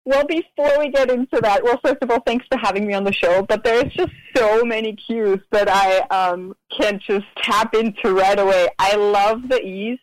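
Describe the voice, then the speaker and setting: A woman's voice: medium pitch, moderate pace, hardly any pauses, no echo, low-quality recording. A woman from Austria, a branding expert guest, chatting on a podcast. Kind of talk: interview talk.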